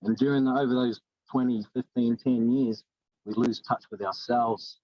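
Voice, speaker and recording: A middle-aged man with a New Zealand accent speaks earnestly as a guest in a casual interview, circling back and restarting his thoughts. His voice sits in an ordinary middle pitch. The recording is dull and dry, with no room sound. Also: steady tone, moderate pace, dark tone, no echo. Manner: earnest, rambling with many restarts. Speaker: life coach.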